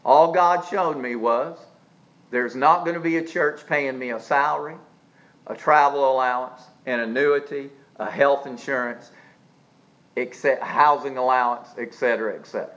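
A male pastor preaching a sermon, with dramatic swings between soft asides and shouted emphasis, sometimes drawing words out slowly. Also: medium pitch, poor audio.

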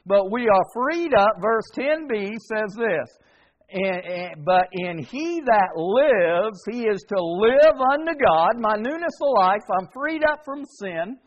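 A man's voice: sits high, animated, takes it slowly, lo-fi sound. A man preaching a sermon, getting the congregation to repeat words back and hammering key words through repetition. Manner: call-and-response with congregation, emphatic repetition.

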